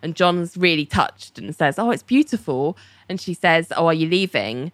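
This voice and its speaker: Woman with a lowish voice telling a story, quoting people, laughing a lot, dry mic. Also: moderate pace, no echo. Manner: animated storytelling, quoting characters, laughing often. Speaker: podcast co-host recapping a TV episode. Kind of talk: casual chat.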